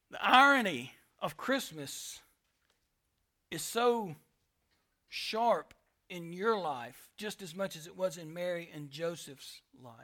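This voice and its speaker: A man preaching a sermon with passion, swinging between loud declarations and hushed asides. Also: high-pitched. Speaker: pastor.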